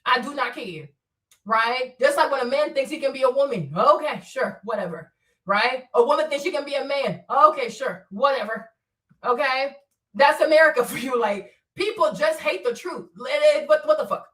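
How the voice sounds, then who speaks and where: A woman's voice: high-pitched, animated, moderate pace, a bit bright, far from the mic. A woman from Africa hosting a livestream, talking bluntly with swearing and laughter while she answers her chat. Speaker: streamer. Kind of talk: livestream commentary.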